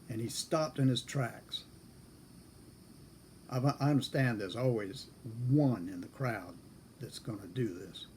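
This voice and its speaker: A man in his seventies casually telling a story from his service days, unhurried and chuckling now and then. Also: mid-range voice, darkish tone, slight background noise. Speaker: storyteller recalling military service.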